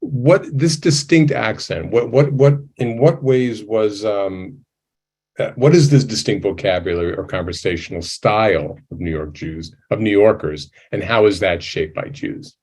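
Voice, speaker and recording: A man's voice: fairly low pitch, a little slow, darkish tone, breathy edge. A man moderating a video-call panel, asking rambling questions with frequent restarts. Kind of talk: hosting a panel discussion over video call.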